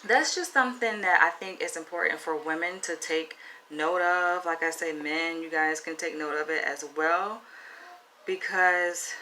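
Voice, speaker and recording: A woman's voice: fairly low pitch, pushed and bright, a little hiss or hum, rough recording. A woman with a Southern US accent talking frankly to camera in a casual, chatty advice vlog. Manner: frank, chatty, asks "right?" often. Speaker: vlogger.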